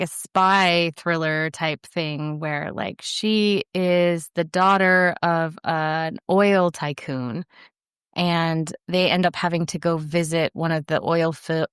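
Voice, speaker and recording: Woman, young adult, audiobook narrator, casual interview, rambling with fillers, smooth resonant voice, dry sound. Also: low-pitched, dry recording. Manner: rambling, lots of fillers, self-deprecating laughs.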